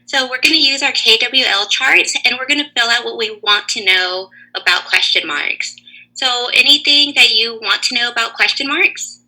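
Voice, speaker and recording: A woman teaching a lesson to young children over a video call, asking slow, clear, encouraging questions. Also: fairly high pitch, sharp tone, rough recording.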